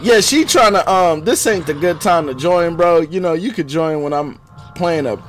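A man streaming a game live, chatting casually with viewers in slang and swinging from low muttering to loud outbursts. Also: moderate pace, faint music behind. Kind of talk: live gameplay commentary.

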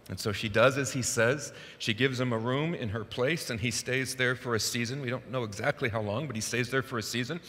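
A male pastor delivers a sermon with loose, conversational energy. His tone is bright and cutting, and a long reverb from the church sanctuary trails after him. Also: medium pitch, a little fast, hardly any pauses. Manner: casual, conversational, animated.

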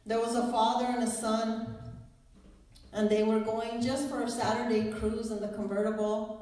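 A woman's voice: fairly high pitch, flat delivery, normal speed, dark tone. A woman pastor preaching a sermon in a church, quoting scripture in an earnest storytelling way. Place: church sanctuary. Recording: echoey hall, voice from a distance.

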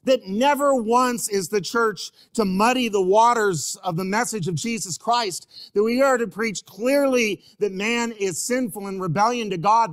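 High-voiced animated pastor preaching. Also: male voice, no echo. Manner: animated, humorous, direct. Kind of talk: sermon.

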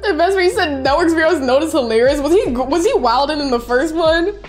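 Faint music plays behind this twenty-something woman as she streams and reads out messages from her viewers. She sounds high-pitched and fairly quick, with lively intonation, gushing and bubbly as she squeals and laughs.

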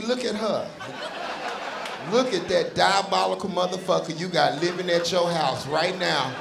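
A man from Dallas doing profane, animated stand-up storytelling on a comedy club stage into a handheld mic. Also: sits high, vocal fry. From Dallas, Texas. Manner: profane, animated, punchy delivery. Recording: echoey club with crowd noise.

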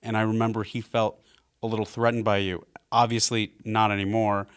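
Relaxed, wry male comedian guest. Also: fairly low pitch, a little fast, clear, resonant tone. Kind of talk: casual comedy podcast chat.

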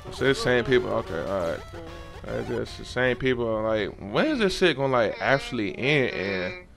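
Young male gamer, casual cursing commentary, pitch jumping all over. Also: normal speed, creaky, music in the background. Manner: loose, profane, excitable slang.

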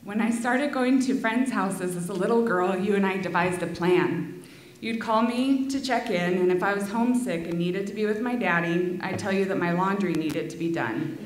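A woman reading a heartfelt memorial tribute to her father, with soft laughs between lines, in a school auditorium. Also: medium pitch, normal speed. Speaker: daughter giving a eulogy. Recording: echoey hall.

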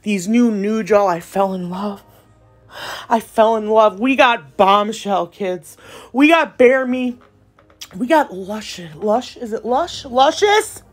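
A woman's voice: medium pitch, slow pace. A woman nail tech, chatting playfully through a casual voiceover tutorial in slangy talk.

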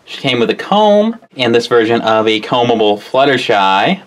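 A man's voice: medium pitch, big pitch swings, normal speed, slight background noise. A man co-hosting a toy review, chatting in a casual, teasing way. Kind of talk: casual chat.

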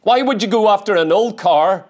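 A man preaches a sermon in a church, his voice high for a man. He drives his points home emphatically, with repeated rhetorical questions and insistent repetition. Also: moderate pace.

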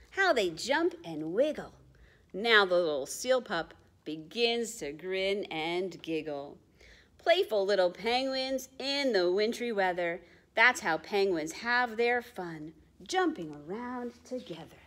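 A woman librarian reading picture books and rhymes aloud to young children, in a sing-song, expressive way that sometimes drops to a hush. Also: medium pitch, takes it slowly. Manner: expressive sing-song rhyming, dropping to hushed asides. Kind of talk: children's storytime read-aloud.

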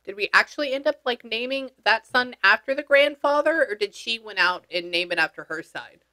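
A woman's voice: fairly high pitch, expressive, fairly quick, pushed and bright. A woman working as a psychic medium, talking casually with clients and relaying what she hears in a chatty way, with slang and the odd swear word. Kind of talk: casual session talk.

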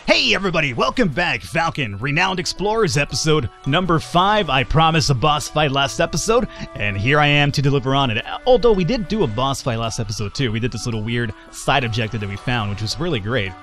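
A man's voice: medium pitch, big pitch swings, fairly quick, fairly bright tone, faint music behind. A man casually commenting on a strategy game as he plays, joking and reading game text aloud. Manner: jokey, chatty, reads game text aloud. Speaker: gaming channel host. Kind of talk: casual let's-play commentary.

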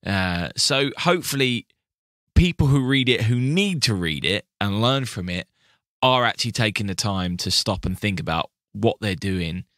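A man's voice: fairly low pitch, animated, normal speed, a bit bright, no echo, studio quality. A British man co-hosting a podcast, chatting casually with frequent restarts. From Britain. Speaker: podcast co-host. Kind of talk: casual chat.

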